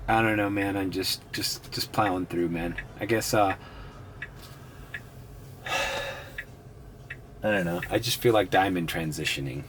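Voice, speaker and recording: A man's voice: low-pitched, unhurried, long pauses, fairly bright tone, a little hiss or hum. A man vlogging casually from inside his car as a rideshare driver, rambling, swearing and laughing a lot. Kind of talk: casual vlog while driving.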